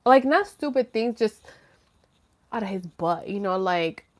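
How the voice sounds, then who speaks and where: A woman hosting a live stream, telling her viewers a story casually, rambling and animated, with lots of "like" and some swearing. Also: medium pitch, measured pace. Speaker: host of a live chat stream.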